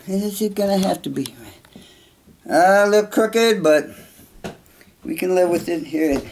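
A man chatting casually in a vlog, rambling and joking as he talks to himself between songs. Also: on the high side. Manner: rambling, jokey, talking to himself. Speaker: musician vlogger.

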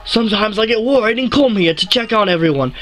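A man's voice: high voice, lively intonation, quick pace, a bit bright, soft background music, pitched above the performer's own voice. A man doing a chummy gym leader in a mock Australian twang. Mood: cheery. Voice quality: clumsy put-on Australian accent. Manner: calls people mate and blokes. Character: friendly male gym leader, laid-back and chummy.

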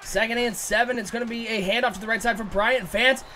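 A man doing excitable play-by-play commentary for a video game football broadcast, joking and shouting on big plays. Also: very high voice, quick pace, a little hiss or hum.

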